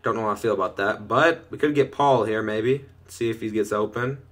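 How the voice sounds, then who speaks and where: A young man casually commenting on his own gameplay from his bedroom, chatting through each play and getting loud and excited when things go well. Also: on the low side, brisk. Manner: excitable, shouts and laughs at big plays. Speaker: gaming video host. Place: bedroom at home.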